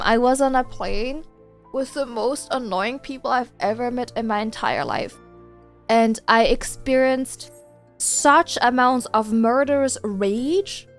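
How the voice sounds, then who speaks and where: A woman streamer telling a story in casual chat while gaming, animated and exasperated, swearing freely. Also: high-pitched.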